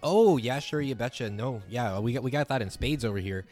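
A man voicing a tiny, cheerful, ancient male gnome shopkeeper in a high, chirpy, folksy voice. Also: fairly quick, darkish tone, soft background music, lightly acted. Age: older.

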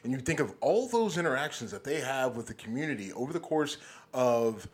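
A man's voice: medium pitch, big pitch swings, a little fast. A man co-hosting a podcast in a studio, talking bluntly and with plenty of swearing as he gets heated. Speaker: podcast co-host. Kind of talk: casual chat.

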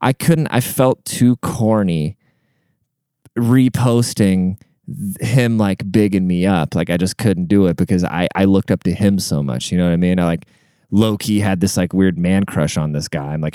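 A man's voice: low voice, steady tone, moderate pace, warm tone, clean tone, no room sound, studio quality. A young man talking casually through a personal story, rambling with lots of filler words and swearing, earnest and emotional.

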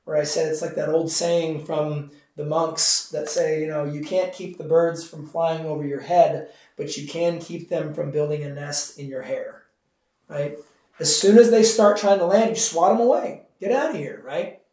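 A male pastor leads a Bible class in a chatty, informal way, with his mellow, somewhat high voice picked up from across an echoey church classroom. He keeps checking in with his listeners and fills his pauses with "um" as he goes. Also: fairly even intonation. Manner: conversational, with many fillers and asides to the class. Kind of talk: informal Bible study teaching. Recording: echoey room, mic far off.

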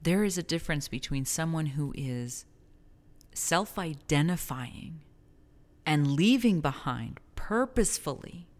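A woman's voice: sits low, expressive, a little slow. A woman from New Mexico co-hosting a podcast, talking casually and rambling, correcting herself and laughing often. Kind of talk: casual conversation.

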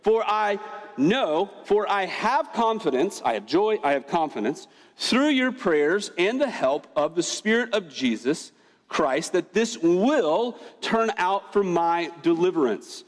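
A man preaching a sermon with a high, lively voice that leaps up and down in pitch. He is emphatic and full of rhetorical questions. His voice rings through a hall with a long reverb. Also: takes it slowly. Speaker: pastor.

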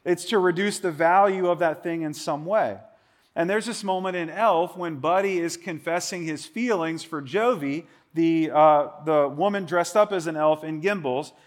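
In his 40s, this pastor preaches in a conversational, animated way, his voice a touch higher-pitched than usual. He keeps things chatty, tossing in quick, lively asides.

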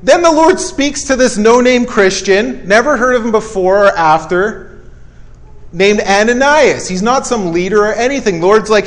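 A man's voice: high voice, animated, normal speed. A male preacher giving a conversational sermon, emphatic and repetitive with folksy asides.

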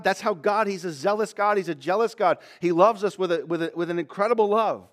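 A man preaching a sermon in a slightly higher-than-usual voice. He reads a passage, then stops to explain it, and now and then acts out the people he quotes. His delivery builds toward more and more intensity. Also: quick pace, few pauses.

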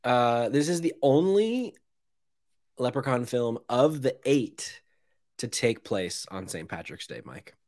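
A man's voice: mid-range voice, expressive, slow, darkish tone, no room sound. A man co-hosting a comedy podcast, throwing in dry, teasing quips and trivia. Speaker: podcast co-host.

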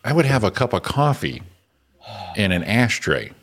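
Deep guy hosting a morning show, laughs a lot, voice swings all over. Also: very animated, normal speed, slight background noise. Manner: laughs often, swinging playful delivery. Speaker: radio show host. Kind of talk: casual morning show banter.

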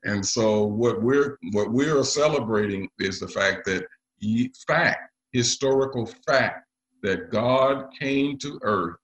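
A man preaching a sermon to his congregation, often pausing with fillers. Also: lowish voice, a bit bright, low-quality recording. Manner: leads the congregation in call and response; halting, with frequent pauses and fillers. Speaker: pastor.

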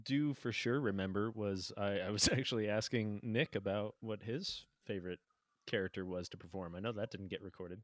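A man's voice: lowish voice, normal speed, no room sound. A man joining a podcast as a returning guest, chatting casually and joking at his own expense. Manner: self-deprecating, chuckling. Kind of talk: casual chat.

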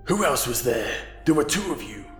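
Man voicing a brutal cop partner, gravelly and menacing, echoey room. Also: fairly low pitch, steady tone, moderate pace, fairly bright tone, soft background music. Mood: threatening. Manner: intense, threatening, gravelly. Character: violent, enraged male cop partner, ruthless.

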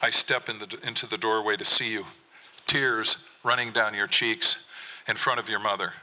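A man's voice: lowish voice, steady tone, moderate pace, sharp tone, low-quality recording. A man, a fisherman poet, reading a personal story aloud in an intense, earnest manner at a live event on a theater stage.

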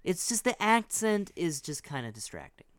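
A man's voice: high-pitched, sing-song, moderate pace, clear, resonant tone, no room sound, studio quality. A man co-hosting a podcast, chatting casually and rambling, hedging with many restarts. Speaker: podcast co-host. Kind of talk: casual chat.

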